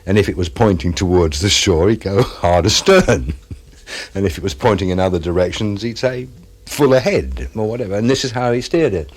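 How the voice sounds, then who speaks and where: A man who served on an offshore radio ship tells, in an interview, a wry tale of events at sea, with quick asides. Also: deep voice. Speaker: former crew member of an offshore radio ship. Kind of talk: reminiscing in an interview.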